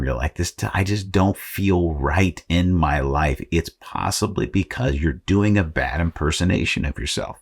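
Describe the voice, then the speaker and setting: A man from Arizona hosting a motivational faith podcast, talking in a conversational, self-deprecating way with frequent fillers. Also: extremely low pitch. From Arizona, United States. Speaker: podcast host.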